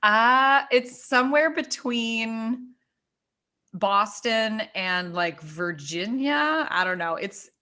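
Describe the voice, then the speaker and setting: A woman co-hosting a casual chat, telling stories in an animated way, laughing often and saying "like" a lot. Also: a little high, slow. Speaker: co-host.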